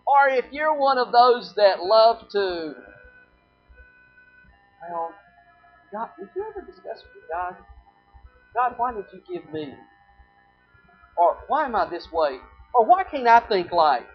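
Animated preacher, dull lo-fi recording. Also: medium pitch, slow, pauses often, breathy edge. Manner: rhetorical questions, repeated phrases; quotes scripture in old-fashioned wording. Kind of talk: sermon. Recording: dull lo-fi recording with faint music.

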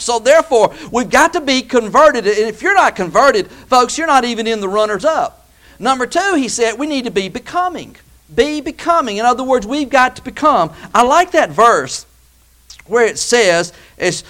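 A man delivers a sermon in a very high voice. His pitch swings widely as he presses each point. He speaks to the congregation as beloved and brother. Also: fairly bright tone. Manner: preachy and emphatic, addresses listeners as beloved and brother. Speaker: pastor.

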